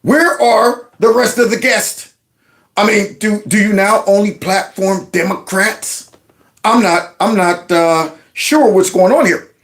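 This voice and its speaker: A man's voice: high-pitched, slow pace, a bit bright. A man giving sarcastic reaction commentary on news clips, mocking them with one rhetorical question after another. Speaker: commentary vlogger.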